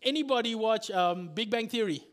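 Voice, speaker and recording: A male pastor preaching a sermon in an animated storytelling manner, acting out the scenes. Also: sits high, normal speed.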